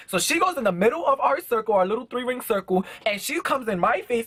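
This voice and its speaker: Lively, fast-talking young New man. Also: sits high, husky, dry recording. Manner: animated, slangy, quick. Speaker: vlogger. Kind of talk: casual storytime vlog. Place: indoors at home before a backdrop.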